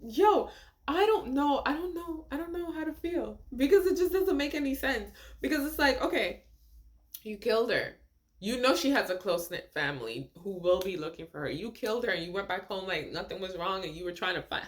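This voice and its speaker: Woman host, casual reaction commentary, slightly high voice, incredulous, laughs a lot. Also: moderate pace. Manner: animated, incredulous, laughs often, rhetorical questions.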